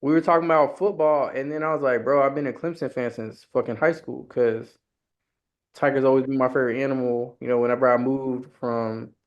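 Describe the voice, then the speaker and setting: A man from New York co-hosting a podcast, telling profane stories and imitating his friends' voices. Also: mid-range voice. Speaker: podcast co-host. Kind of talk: casual chat. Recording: dull lo-fi sound.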